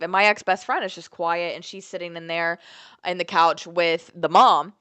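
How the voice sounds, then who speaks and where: A young woman vlogger telling a story in an animated, profane, candid way. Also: lowish voice, normal speed, clean tone. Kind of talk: storytime vlog.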